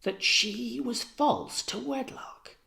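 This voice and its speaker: A man doing a high, shrill outraged maidservant. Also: slow, vocal fry, bright, forceful tone, full character voice. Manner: high, cries out in alarm. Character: loyal, outraged female servant, middle-aged. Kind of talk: dramatic reading of a play.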